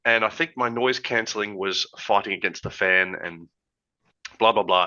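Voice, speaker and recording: A man co-hosting a podcast in a relaxed, rambling chat from a hot room at home, talking through an old headset. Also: fairly low pitch. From Australia. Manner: rambling, easygoing, laughs often. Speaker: podcast co-host. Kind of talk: casual chat. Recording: lo-fi headset audio.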